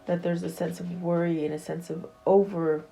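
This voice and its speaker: Mellow-voiced woman giving a tarot reading. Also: fairly low pitch, little pitch movement, normal speed, gravelly, poor audio. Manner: soft, meandering, many fillers and restarts. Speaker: tarot reader. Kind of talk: casual tarot reading to camera.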